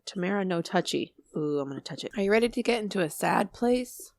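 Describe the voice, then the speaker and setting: A young woman co-hosting a chatty podcast, her pitch swinging widely as she jokes and curses through banter. Her voice sounds close and dry. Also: expressive, fast, vocal fry, darkish tone, no room sound. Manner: swearing, laughing, teasing banter. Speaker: podcast co-host. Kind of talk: casual chat.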